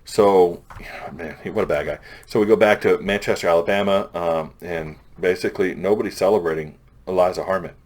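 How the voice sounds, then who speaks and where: Low-voiced man rambling through a comic recap. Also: fairly quick, a little mellow. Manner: loose, rambling plot recap with frequent restarts; paraphrases characters in a plain offhand voice. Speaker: comic book reviewer. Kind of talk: casual chat.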